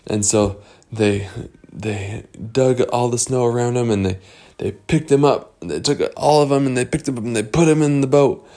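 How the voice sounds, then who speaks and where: A man's voice: mid-range voice, moderate pace, warm tone. A man improvising a bedtime story, rambling with many fillers and restarts.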